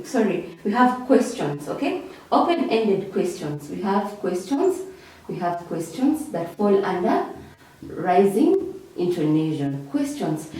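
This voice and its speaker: A woman gives an English revision lesson at an unhurried pace, her pitch moving up and down widely. She repeats her key terms and checks in with a sharply rising "okay?" The recording is very echoey, with the voice set back from the microphone. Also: a little mellow. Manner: repeats key words, ends phrases with a high "okay?". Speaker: English teacher. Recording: echoey room, voice far from mic.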